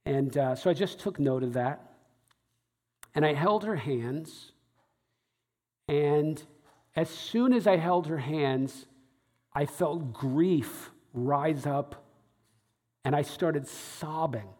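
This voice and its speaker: A man with a slightly high voice preaches to a congregation. He tells his story with lively energy and acts out the other people's lines as he goes. His voice rings out with the long reverb of a big hall. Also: slow pace, pauses often. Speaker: pastor. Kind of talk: sermon storytelling.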